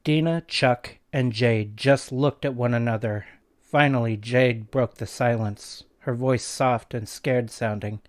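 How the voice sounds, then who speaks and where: A man's voice: medium pitch, steady tone, measured pace. A man reading a scary young-adult novel aloud as narrator. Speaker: reader. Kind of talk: audiobook narration.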